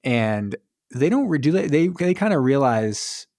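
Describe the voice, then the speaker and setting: A man's voice: mid-range voice, big pitch swings, a little slow, a little mellow, no echo, clean studio sound. A man co-hosting a casual movie recap chat, rambling and joking as he acts out the characters' lines. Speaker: podcast co-host.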